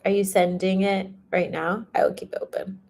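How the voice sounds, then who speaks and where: A woman's voice: medium pitch, little pitch movement, normal speed, gravelly, a little mellow. A young woman reading tarot on a livestream in casual chat, laughing often and swearing freely. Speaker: tarot reader.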